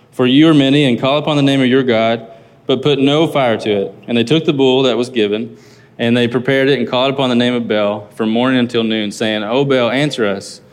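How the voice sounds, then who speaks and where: A man, a pastor, giving a casual, conversational sermon, reading scripture aloud and explaining it with lively asides. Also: mid-range voice, in a large hall.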